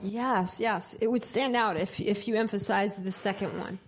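In a steady, medium-pitched voice at normal speed, this choir director works with a live group on singing vowels. She asks the singers questions and sings short demonstrations for them.

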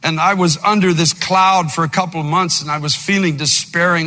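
An older man preaching an impassioned sermon, moving between loud fervent outbursts and low, quiet storytelling. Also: fairly even intonation, fairly quick, few pauses. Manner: fervent preaching, by turns shouting and dropping low, with storytelling asides. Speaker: pastor. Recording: long reverb of a big hall, faint music.

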